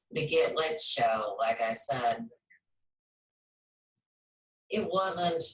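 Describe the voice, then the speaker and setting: A woman hosting a spiritual talk show, speaking in a slow, measured, reflective way. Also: a bass voice, a bit bright. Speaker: host. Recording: echoey room, far from mic.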